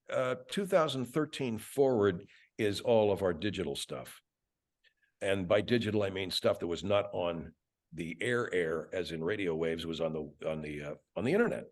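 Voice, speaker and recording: Animated, swearing older radio veteran. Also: male voice, on the low side. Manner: animated, profane storyteller, laughs often. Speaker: radio host and voice actor, interview guest. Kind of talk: casual interview chat.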